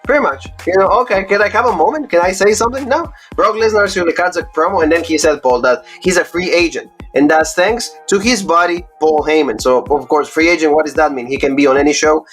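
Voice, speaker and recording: A man chatting casually on a wrestling review podcast, his voice sitting a little high. He rambles, leaning on "like" and "you know" all the time. Faint music plays behind him. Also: fairly quick, hardly any pauses, a bit bright.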